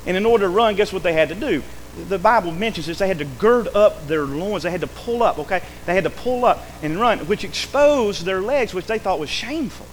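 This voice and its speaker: A man's voice: high-pitched, animated, brisk, hardly any pauses, slight background noise, poor audio. A man, a pastor, preaching a sermon emphatically, acting out quoted speech and calling for amens.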